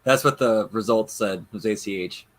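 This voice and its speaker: A man co-hosting a casual podcast, speaking in a laid-back way and trailing off quietly. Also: on the low side, normal speed. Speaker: podcast co-host.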